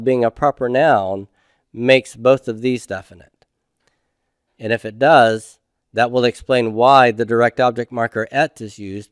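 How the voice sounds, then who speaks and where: A middle-aged man gives a recorded grammar lecture, steady and patient, often posing a question and answering it himself. His voice is smooth and resonant and sits in an ordinary middle pitch. The sound is dry and close, with no room echo. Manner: patient, asks students questions then answers them himself. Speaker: Hebrew grammar teacher.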